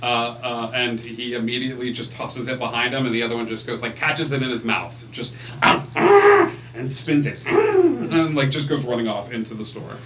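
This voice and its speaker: A man's voice: medium pitch, very animated, fairly bright tone, echoey room, recorded from a distance, a little hiss or hum. A man acting as game master, narrating a tabletop game with lots of fillers and restarts. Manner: halting, full of fillers.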